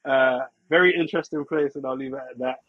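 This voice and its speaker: A man's voice: medium pitch, fairly even intonation, fast talker, no echo, dull audio. A young man, chatting casually as a podcast guest, laid-back and full of "you know what I mean". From England. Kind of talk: casual chat.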